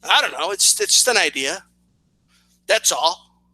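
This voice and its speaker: Sarcastic man with a sharp, high voice. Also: expressive, measured pace, low-quality recording. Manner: repeats and restarts, keeps asking "right?"; sarcastic and challenging. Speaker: boxing commentary channel host. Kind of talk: confrontational video response.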